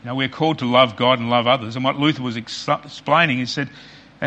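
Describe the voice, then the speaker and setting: A man preaching a sermon as pastor, earnest and repetitive for emphasis, often dropping quiet on key points. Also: medium pitch.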